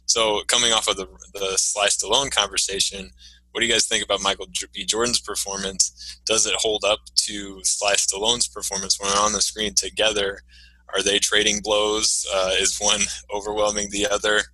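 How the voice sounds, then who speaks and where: A man's voice: lowish voice, little pitch movement, moderate pace, pushed and bright, no echo, poor audio. A man co-hosting a film podcast, eagerly steering the talk with questions and frequent hesitations. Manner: eager, hesitant with many fillers, poses questions. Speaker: podcast co-host. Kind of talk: casual film discussion.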